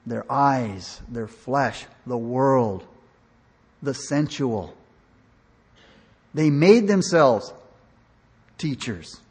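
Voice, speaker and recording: There's a long reverb from the big church hall where this pastor gives an earnest, emotional sermon. His medium-pitched voice is husky and slightly mellow, and he often starts his words over while acting out the voices in the stories he tells.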